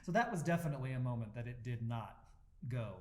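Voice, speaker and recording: A man's voice: mid-range voice, animated, fast talker. A male co-host on a church podcast, speaking in casual chat. He laughs easily between his words. His talk is loose and full of "like". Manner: laughing, chatty, uses "like" often. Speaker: youth pastor and podcast co-host.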